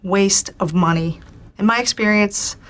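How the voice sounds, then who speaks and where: A woman's voice: medium pitch, a little slow, natural voice. An actress playing a brash middle-aged woman office worker in a sitcom mock interview, speaking in a blunt, matter-of-fact way.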